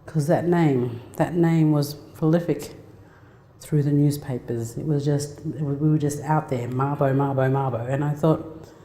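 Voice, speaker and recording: Woman, 40s, guest speaker, heartfelt personal storytelling, dark mellow voice, echoey hall. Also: deep voice, fairly even intonation, unhurried. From Australia. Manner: heartfelt, conversational, with many restarts. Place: lecture hall. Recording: echoey lecture hall reverb.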